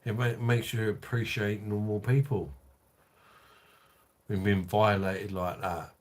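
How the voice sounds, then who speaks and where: Deep, slow drunk man. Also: flat delivery. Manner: crude, rambling, reads out chat comments. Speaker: livestream host. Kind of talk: drunken livestream chat.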